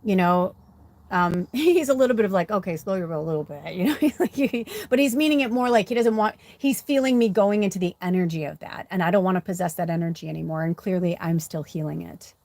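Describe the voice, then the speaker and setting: A woman's voice: fairly low pitch, fairly quick, a little mellow, no echo. A woman, a spiritual medium, giving a candid personal monologue during a card reading. She talks bluntly with plenty of swearing and fillers, and repeats phrases for emphasis. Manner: blunt and profane, with frequent "like" and "you know".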